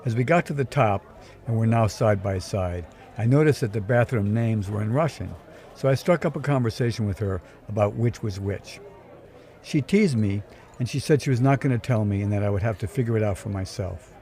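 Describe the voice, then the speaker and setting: A man's voice: on the low side, fairly quick, dark tone. A man narrating a scripted first-person story in a dry, wry tone, recorded on a close mic. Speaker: storyteller, podcast host.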